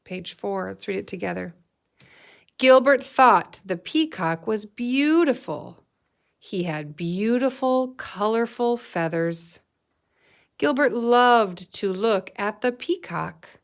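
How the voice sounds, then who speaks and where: Teacher lady reading a picture book to her class, slow and careful, lots of feeling in the voice. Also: mid-range voice. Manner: slow, clear read-aloud with expressive dialogue. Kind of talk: guided reading lesson.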